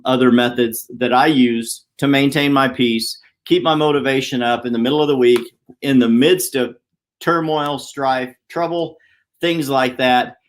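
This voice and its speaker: A man hosting a weekly motivational live stream from a downtown office, talking fast and chatty. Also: medium pitch. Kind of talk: casual live-stream talk.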